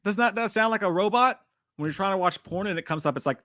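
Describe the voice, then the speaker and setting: A man hosting a live breakdown stream, rambling and cursing as he reads viewer comments. His voice sits a bit high and rings bright and forceful. The sound is close and dry with no room echo. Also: lively intonation, quick pace. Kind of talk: casual live trailer breakdown.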